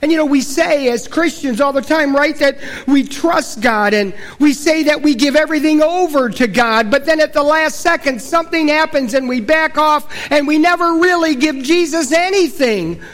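High-voiced folksy preacher man. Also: moderate pace, hardly any pauses. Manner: folksy storytelling preacher, dropping low and quiet for solemn points. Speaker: pastor. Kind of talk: sermon.

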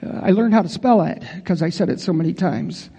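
A man's voice: high-pitched, a little fast, creaky, mellow, slightly rough. A pastor preaching a conversational sermon in a folksy way, talking straight to his congregation.

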